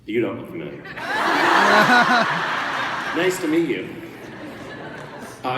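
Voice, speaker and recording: A man joking with fans in a casual Q&A, teasing and deadpan. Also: lowish voice, slow, long pauses, heavy background noise. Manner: teasing, playful, deadpan jokes. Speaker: convention panel guest. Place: large convention hall. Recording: echoey convention hall, distant mic, loud crowd.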